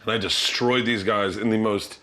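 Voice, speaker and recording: A middle-aged man hosting a casual chat, telling animated stories and acting out the people in them. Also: fairly low pitch, normal speed. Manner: animated anecdotes, acting out quoted people, laughing often. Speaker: host.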